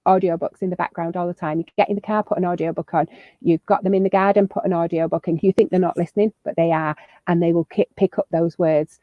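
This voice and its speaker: This woman talks fast in a fairly low, steady voice, with no room sound around her. She's a video call guest in a casual advice chat, offering upbeat parenting tips with plenty of fillers and restarts, all captured in slightly muffled lo-fi audio.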